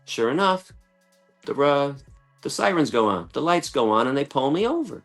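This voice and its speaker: A man telling a long story in conversation, animated and acting out other people's lines, with casual swearing. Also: medium pitch, normal speed, soft background music. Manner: animated, acts out quoted voices, swears casually. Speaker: guest, animal rights activist.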